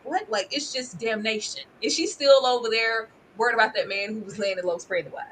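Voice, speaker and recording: Woman, casual reality TV commentary, high and lively, laughs a lot, slips into mimicry. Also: moderate pace, slight background noise, poor audio. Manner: animated, laughs often, mimics people in exaggerated voices. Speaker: reality TV reviewer.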